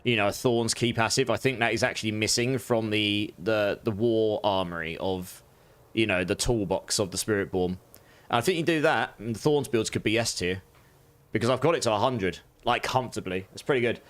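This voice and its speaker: A young man streaming a game live, chatting casually with viewers while his voice is going a bit hoarse. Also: lowish voice, fairly quick. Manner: relaxed, chatty, greets viewers warmly, laughs often. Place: home room at his gaming setup.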